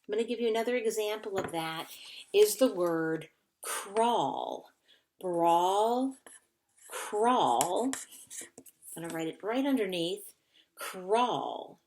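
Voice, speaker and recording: A woman's voice: medium pitch, slow, a little mellow, slight background noise. A woman teacher giving a recorded phonics lesson to children, patiently sounding out and spelling words. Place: indoors at a whiteboard.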